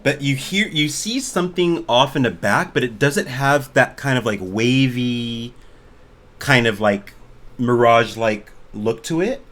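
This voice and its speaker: A man's voice: mid-range voice, lively intonation, unhurried, fairly bright tone. A man running a tabletop game over a voice call, narrating casually with lots of filler words. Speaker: game master. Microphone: computer mic on a voice call.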